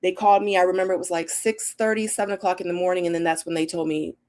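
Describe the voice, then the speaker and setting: A woman's voice: on the low side, level tone, rapid-fire, darkish tone. A middle-aged woman hosting a casual live Q&A, reading viewer comments and telling stories in an emphatic, chatty way. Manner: chatty, emphatic, storytelling with acted-out quotes.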